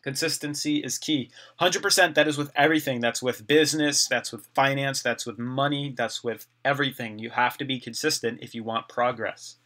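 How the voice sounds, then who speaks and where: A man chatting through a long live stream, reading out viewer comments and answering each one. His voice has a bright, forceful edge, and it is getting a little dry from so much talking. He sounds like he is at a desk mic at home. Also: mid-range voice, fairly even intonation, normal speed, few pauses. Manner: chatty, reads viewer comments aloud and replies.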